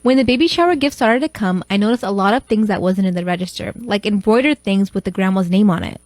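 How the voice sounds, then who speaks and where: Young mom storyteller, fast and blunt, dry close sound. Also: female voice, medium pitch, a little mellow, no room sound. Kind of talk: casual first-person storytime narration.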